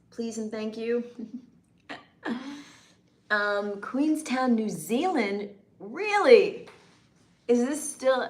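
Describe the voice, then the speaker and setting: A woman's voice: mid-range voice, a bit bright. Playful woman livestreaming in a roomy space. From northeastern United States. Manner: playful, teasing, laughs often. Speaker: livestream host. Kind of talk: casual livestream chat reading comments.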